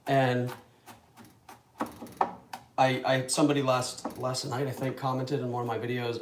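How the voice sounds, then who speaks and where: A young home cook vlogger chats casually while cooking one-handed in his home kitchen, rambling and poking fun at himself. His voice is medium-pitched and level, at normal speed with frequent pauses. The kitchen sounds echoey, with loud background noise.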